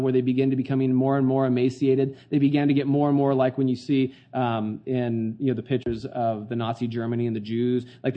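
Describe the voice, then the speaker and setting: A man's voice: medium pitch, highs cut off. A man preaching a casual sermon in a conversational, slangy way, often asking the congregation questions. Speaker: pastor.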